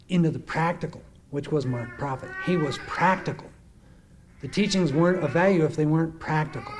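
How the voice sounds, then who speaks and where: A man's voice: a little high, darkish tone, slight background noise. A man giving a heartfelt spoken tribute to a gathering, earnest and reminiscing. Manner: earnest, reminiscing, acts out quoted speech. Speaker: speaker giving a testimonial.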